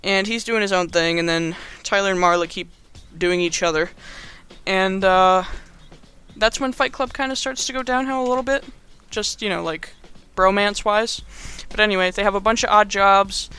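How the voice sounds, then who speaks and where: A man's voice: sits high, bright, forceful tone, clean tone. A young man giving a casual, rambling movie recap in slangy speech full of fillers. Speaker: video host.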